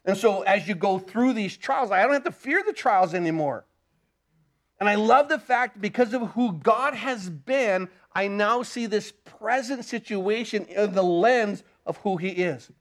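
A man's voice: high voice, a little slow, a bit bright. A man preaching a sermon, emphatic and repetitive, often changing his pace as he drives his points home. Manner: emphatic, repeats key phrases, shifts pace often.

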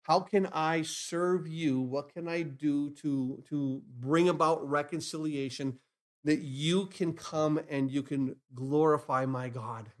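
A pastor preaching a sermon, asking rhetorical questions and repeating phrases, swinging from hushed lines to loud emphatic bursts. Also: male voice, a little high, steady tone, slow pace.

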